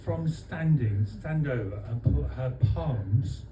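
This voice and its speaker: A Londoner with a mid-range voice toasts his wife's birthday with a comic speech to friends gathered in a restaurant dining room. He's deadpan and halting, pausing often and using fillers. The voice comes from far off in an echoey room, with background noise and guests' laughter.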